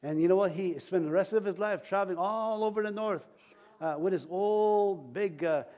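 A man's voice: sits high, moderate pace, a little mellow, dull audio. A man preaching a sermon as pastor, in a folksy, rambling way with many restarts.

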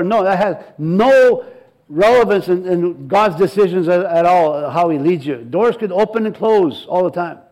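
High-voiced man preaching a fervent sermon. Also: animated, moderate pace, a little mellow, low-quality recording. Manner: emphatic, repetitive preaching with rising intensity. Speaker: pastor.

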